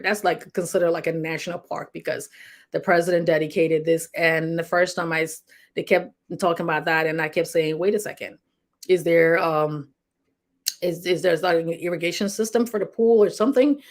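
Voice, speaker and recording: A middle-aged woman from Liberia, a clinician, giving casual safety tips to an online audience in a rambling, conversational way with many restarts and chuckles. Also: on the low side. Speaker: health talk host, clinician.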